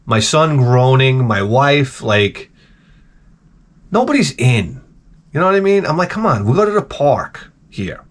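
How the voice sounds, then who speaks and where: A man's voice: medium pitch, animated, unhurried. A man telling comic stories to camera in a rambling, exasperated, profane rant full of restarts. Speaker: vlogger. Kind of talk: comedic storytelling rant.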